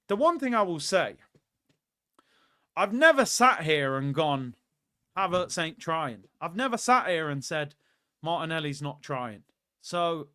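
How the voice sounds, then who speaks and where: A young man hosting a football watchalong livestream, reading out viewer comments and giving shout-outs in animated, slangy banter. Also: a little high, dry recording, studio quality. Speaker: livestream host.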